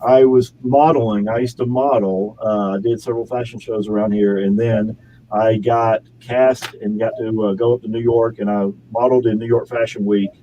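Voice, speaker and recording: A man talks as a guest in a casual interview, rambling from one anecdote to the next and laughing as he goes. His voice is dark and mellow, recorded in his home studio with a faint hum of room noise behind him. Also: on the low side, fairly even intonation, normal speed, low-quality recording. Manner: rambling, chatty storytelling with frequent laughs. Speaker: actor and model, guest.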